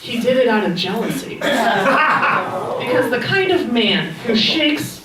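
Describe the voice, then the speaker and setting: Young woman comedian, wry and deadpan. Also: on the high side, takes it slowly, crowd noise. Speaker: stand-up comedian. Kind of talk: stand-up set. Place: comedy club stage. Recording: echoey club sound from far off, noisy.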